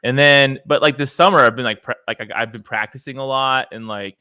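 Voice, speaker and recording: A man's voice: mid-range voice, brisk, pushed and bright, smooth, no echo, studio quality. A man hosting a podcast interview, chatting in a casual, laid-back way with plenty of fillers. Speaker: podcast host.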